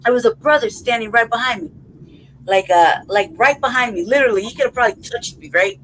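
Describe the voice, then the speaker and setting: This is a woman podcast host whose fairly high, fairly bright voice moves fast over slight background noise on a rough recording. She tells a wandering, swear-filled story in casual chat, laughing throughout and checking in with "right?" and "you know what I mean?"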